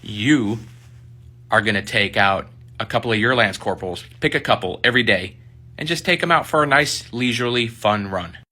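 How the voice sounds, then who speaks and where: A man voicing an exasperated, gruff male Marine staff sergeant who rants in loud rhetorical questions. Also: fairly low pitch, animated, moderate pace. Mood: wry.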